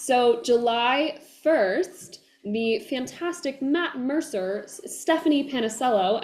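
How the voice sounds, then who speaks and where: A woman voice actor chatting as an interview guest, animated and full of fillers, acting out fans' excited voices. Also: fairly high pitch. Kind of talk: casual interview chat. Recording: echoey room.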